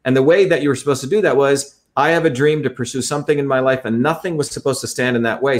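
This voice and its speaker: A male interview guest with a mid-range voice explains things at length. His manner is earnest and lecturing, and he often repeats his phrases.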